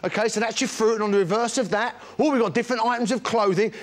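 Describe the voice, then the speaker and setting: A man's voice: high-pitched, fairly even intonation, fast talker. A British man presenting a shopping channel demonstration, chatty and enthusiastic, full of anecdotes. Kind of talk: live product demonstration sales pitch.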